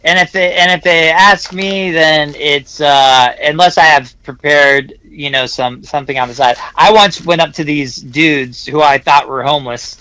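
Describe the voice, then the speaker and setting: A man's voice: fairly high pitch, fairly even intonation, normal speed, hardly any pauses, pushed and bright, clear, resonant tone, low-quality recording. A man co-hosting a podcast, rambling through casual stories with lots of restarts and "you know"s. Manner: rambling, many restarts and fillers. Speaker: podcast co-host.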